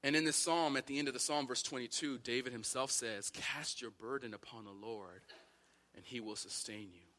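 A man's voice: medium pitch, normal speed, bright, forceful tone. A man preaching a sermon as pastor, repeating phrases and building to impassioned emphasis.

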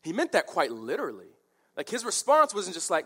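A male preacher with a fairly high voice, working through a scripture passage. His pitch swings widely as he talks, and he drops into casual asides to make his points. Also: breathy edge. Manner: animated, conversational, with quick asides. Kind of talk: expository sermon.

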